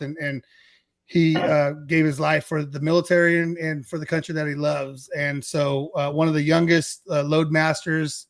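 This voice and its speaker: A man's voice: on the high side, no echo. Rambling middle-aged male livestream host. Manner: rambling, apologetic, restarts often. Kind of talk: casual chat.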